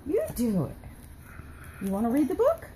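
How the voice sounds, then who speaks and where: A woman's voice: fairly high pitch, wildly swooping pitch, unhurried, dark tone, slight background noise, low-quality recording. A mother reading a picture book to her baby at home, full of gasps, whispers and playful baby talk.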